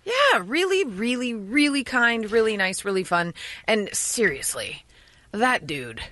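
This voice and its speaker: A young woman co-hosting a morning radio show, quick-witted and joking. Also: fairly high pitch, sing-song, bright, forceful tone, no room sound. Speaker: radio co-host and comedian.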